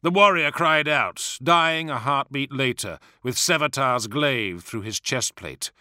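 A man narrating an audiobook in a measured, dramatic way, with hushed asides. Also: medium pitch, no room sound, studio quality.

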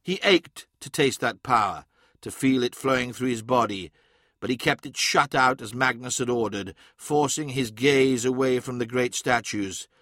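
A man reading an audiobook in a measured, dramatic way. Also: mid-range voice, a bit bright, dry recording, studio quality. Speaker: narrator. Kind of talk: scripted audiobook narration.

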